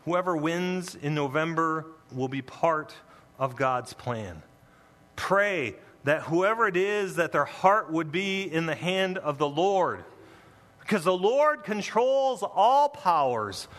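Male pastor, sermon, emphatic, playful asides, bright voice, long church reverb. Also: a little high, animated, takes it slowly. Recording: long reverb in a large hall.

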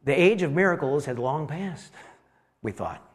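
A preacher telling a dramatic first-person sermon as an elderly priest who talks with exclamations and wry asides about himself. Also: male voice, a little high, normal speed, slightly rough, big-room sound. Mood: rueful. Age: older. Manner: animated, exclaiming, self-deprecating asides. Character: elderly male priest, amazed and rueful.

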